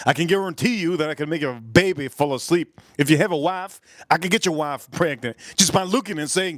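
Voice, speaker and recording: A man's voice: fairly high pitch, a little fast, few pauses, no room sound, clean studio sound. A man hosting a live stream, rambling and joking crudely while he talks to his chat.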